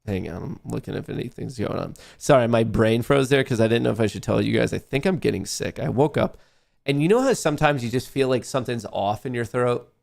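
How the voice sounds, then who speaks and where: A man's voice: mid-range voice, animated, a little fast, gravelly, darkish tone. A man hosting a live trading stream, talking in a casual, rambling and profane way with a nasal voice. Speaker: livestream trading show host. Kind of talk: casual livestream chat while trading.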